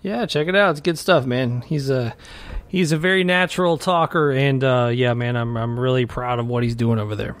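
A man's voice: mid-range voice, fairly even intonation, normal speed. A man co-hosting a podcast in laid-back casual chat, often saying "man.". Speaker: podcast co-host and editor.

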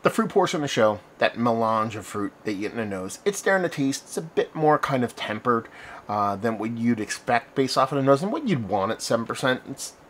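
A man's voice: medium pitch, sing-song, fairly quick, fairly bright tone, slight background noise. Rambling man reviewing beer on camera. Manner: rambling, conversational, self-correcting. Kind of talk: casual video review.

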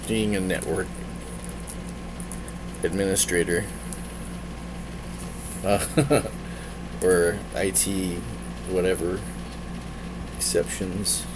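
A man's voice: low-pitched, very noisy. A man casually chatting on a live stream, rambling and self-deprecating as he mutters to himself while changing settings.

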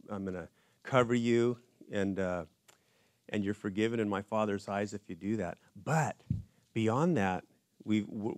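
A man in a church leads a Bible study in a casual, conversational way, adding homey asides as he goes. His voice sits in an ordinary middle register. The sound is dry, with almost no echo. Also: medium pitch. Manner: casual and relaxed, with folksy asides. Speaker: Bible teacher.

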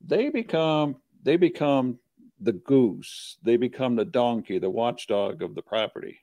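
A man hosting a talk show, speaking in a halting way and repeating his words. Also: mid-range voice, lively intonation, dark tone, no echo. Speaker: podcast host. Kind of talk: casual chat.

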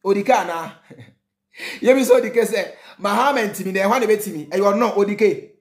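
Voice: mid-range voice, moderate pace. A speaker with a Ghanaian accent giving impassioned political commentary, repetitive and mocking, mixing Twi and English in rhetorical runs. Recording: roomy echo.

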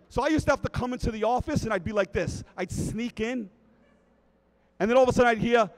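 A middle-aged man telling a comic story to a live audience at a convention, animated and often checking in with "right?". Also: extremely high pitch, fast talker, poor audio. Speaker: speaker at a fan convention.

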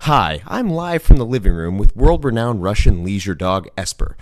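A man playing a deadpan TV reporter conducting a mock interview, speaking in a news-style delivery. His pitch swings widely in a lively, animated way while the tone stays dry. It plays as a comic mock interview. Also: normal speed, background noise.

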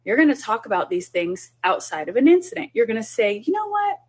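A woman's voice: medium pitch, lively intonation, brisk, a little mellow, breathy edge. A woman who is a child development specialist, talking parents through a group session in an earnest, instructive way.

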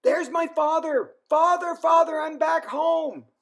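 A man voicing a shy but excitable young male polar bear cub in a children's story, calling out eagerly. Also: very high-pitched, slow, vocal fry, voice pushed up, exaggerated voice. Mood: excited.

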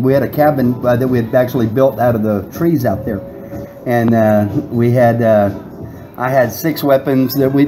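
Middle-aged guest, rambling and laughing, mellow tone. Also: male voice, mid-range voice, a little hiss or hum, low-quality recording. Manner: rambling, laughing storyteller with restarts. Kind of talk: casual storytelling.

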